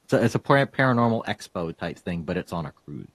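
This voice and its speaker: A man's voice: sits low, sing-song, quick pace, fairly bright tone. A man hosting a casual interview, rambling with fillers and laughing often. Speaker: podcast host.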